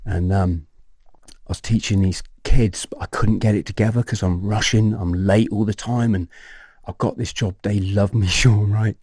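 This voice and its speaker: A man, a podcast guest telling his personal story in an animated way, swearing and acting out scenes. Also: lowish voice, normal speed, slightly rough, no room sound, clean studio sound.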